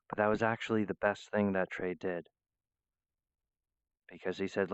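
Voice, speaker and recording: Rambling, profane male vlogger, low smooth voice, dry lo-fi recording. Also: dry recording. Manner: rambling, profane, restarts mid-phrase. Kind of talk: rambling monologue.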